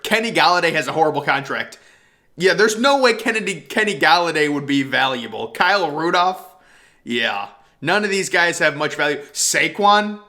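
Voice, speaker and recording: A young man giving casual, excitable commentary while making mock draft trades, thinking aloud and laughing often. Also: a little high. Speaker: NFL draft video creator.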